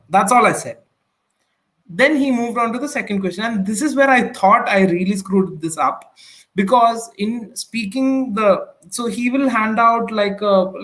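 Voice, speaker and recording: A man from India recounting his speaking exam in a casual interview, halting with many fillers and restarts. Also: sits high, fairly bright tone. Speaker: guest sharing exam experience.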